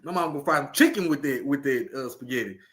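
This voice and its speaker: A young man, chatting casually as a podcast guest, animated and quick to laugh, repeating his lines as he tells stories. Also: medium pitch. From Louisiana. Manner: animated storyteller, laughs often, repeats himself.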